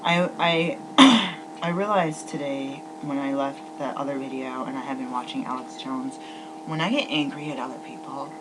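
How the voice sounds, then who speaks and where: Woman, very deep voice, rambling vlog talk, whispery asides, loud hum and noise behind. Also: normal speed. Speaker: vlogger.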